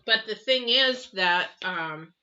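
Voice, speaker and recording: A woman's voice: medium pitch, expressive, takes it slowly, sharp tone. A woman giving a casual spoken tarot reading, rambling through advice with many fillers. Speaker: tarot reader. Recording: dull lo-fi audio.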